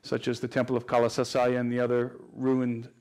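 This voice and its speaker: A man's voice: mid-range voice, monotone, fairly quick, darkish tone. A man answering interview questions at length in an earnest, explanatory way, often restarting his phrases. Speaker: guest researcher.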